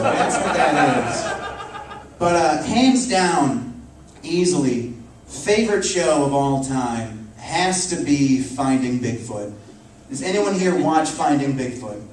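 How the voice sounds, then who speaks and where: A man doing a profane, deadpan stand-up routine on a comedy club stage, with the audience laughing. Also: fairly high pitch, noisy background. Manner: deadpan, profane, mocking repetition. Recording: echoey club, distant mic, crowd.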